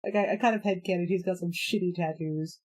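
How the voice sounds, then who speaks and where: A woman's voice: on the low side, steady tone, fast talker, darkish tone. Giggly, rambling woman streamer. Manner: rambling, laughs often, many fillers. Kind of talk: casual live-stream chat.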